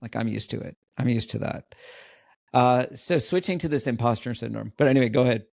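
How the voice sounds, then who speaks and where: A man's voice: mid-range voice, moderate pace, vocal fry, darkish tone, dry recording, studio quality. A man who is a guest on a podcast, telling self-deprecating stories in a casual way and chuckling at himself.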